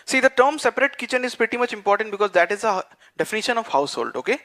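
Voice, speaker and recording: A man teaching a class, dictating notes and repeating phrases slowly so students can write them down. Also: high voice, very animated, sharp tone. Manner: frequent fillers like "what you call" and "okay". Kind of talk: dictated lecture.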